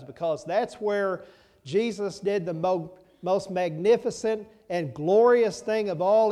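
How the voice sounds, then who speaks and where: A man delivers a sermon in a folksy, conversational way. He speaks at an unhurried pace, with a warm, mellow tone. He repeats his key lines and throws rhetorical questions at the listeners. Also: on the high side. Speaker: pastor.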